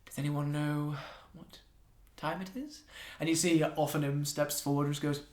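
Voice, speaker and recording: A man narrating a tabletop game as game master, hesitant with many pauses, sometimes dropping to a whisper. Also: on the high side, steady tone, darkish tone. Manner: hesitant, many ums, drops to whispers for asides. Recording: echoey room.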